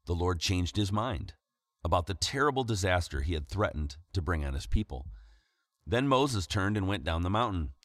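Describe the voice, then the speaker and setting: A man preacher reading scripture aloud in a measured way, then explaining it in a sermon. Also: low voice, dry recording, clean studio sound.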